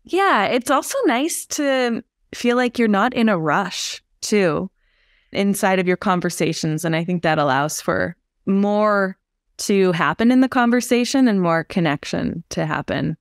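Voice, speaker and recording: A woman, a somatic therapist, explaining in a calm, unhurried and reflective way on a podcast. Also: mid-range voice, no room sound, studio quality.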